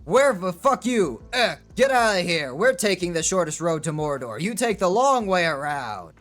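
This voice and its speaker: A man voicing rude, pushy human soldiers who shout and swear at their rivals. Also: sits high, sing-song, normal speed, faint music behind.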